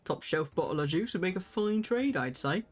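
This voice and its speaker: A woman voicing Hildibrand, a gravelly, gruff northern male inspector in a game, talking like a hard-boiled detective. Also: on the low side, expressive, moderate pace, voice pushed down.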